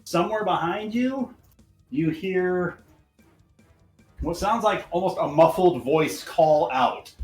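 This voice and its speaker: A man's voice: sits high, expressive, slow pace, long pauses, reverberant, soft background music, rough recording. A man running a tabletop game as game master, narrating scenes with vivid description.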